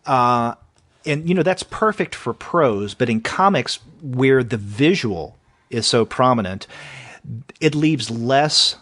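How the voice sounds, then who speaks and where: A man co-hosting a comics review podcast, analyzing a story in a measured way with hesitant fillers. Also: mid-range voice, expressive, fairly bright tone, dry recording, studio quality. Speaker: podcast co-host. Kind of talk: casual comics review discussion.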